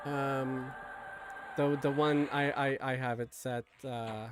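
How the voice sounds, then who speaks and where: A man's voice: medium pitch, fairly even intonation, takes it slowly, background noise. A man from Queens chatting casually while playing an online game, rambling and self-deprecating. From Queens, New York. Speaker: gamer streamer. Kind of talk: casual chat while gaming.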